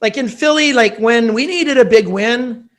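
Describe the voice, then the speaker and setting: High-voiced middle-aged man reminiscing. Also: moderate pace, fairly bright tone. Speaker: podcast guest, former hockey goalie. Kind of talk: casual chat, reminiscing.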